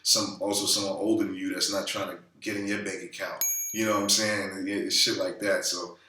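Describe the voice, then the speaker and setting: A man's voice: low-pitched, little pitch movement, brisk, bright, forceful tone, distant mic, a little hiss or hum. A man vlogging casually about money in a loose, profane, rambling way, full of fillers. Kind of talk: casual talking-head monologue. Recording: roomy echo, a bit off-mic.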